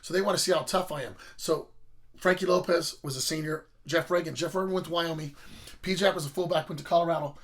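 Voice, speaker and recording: A man's voice: a little high, steady tone, quick pace. A middle-aged man casually telling rambling, profane stories about his school football days. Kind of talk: casual storytelling.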